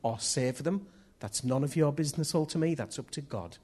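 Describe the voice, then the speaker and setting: Husky-voiced man preaching. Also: a little high, animated, fairly quick, darkish tone. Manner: earnest, repeats key phrases. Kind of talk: sermon.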